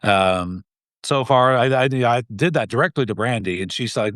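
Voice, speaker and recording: A man's voice: mid-range voice, normal speed, a bit bright, dry recording. Heated, earnest man in a dry room. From Idaho. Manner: earnest and heated, with frequent restarts and short laughs. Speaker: guest, gun rights group president. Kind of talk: casual interview talk.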